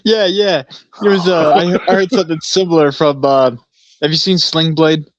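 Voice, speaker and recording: A man with a voice on the high side co-hosts a casual podcast, telling rambling stories packed with fillers and free swearing. His intonation stays fairly even and his pace moderate. The sound is dull and lo-fi, with no echo.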